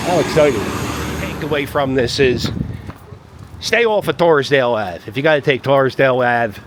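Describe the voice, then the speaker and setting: A vlogger with a mid-range voice walks his dog down a city street, giving rambling, wry commentary to a handheld camera. Background noise can be heard.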